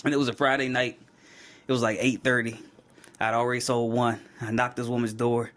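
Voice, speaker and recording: A man's voice: mid-range voice, fairly quick. A young man on a casual podcast, telling long stories with a laugh and acting out the people in them. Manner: animated storyteller who acts out quoted people, laughs often. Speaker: podcast co-host. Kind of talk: casual chat, storytelling.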